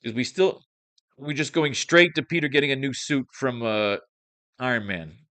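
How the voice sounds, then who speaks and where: Male comics-writing teacher, mid-pitched, dry close sound, talks to himself while drafting. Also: expressive, moderate pace, sharp tone, dry recording. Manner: muttering, swears at his computer. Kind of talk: thinking aloud while drafting a script.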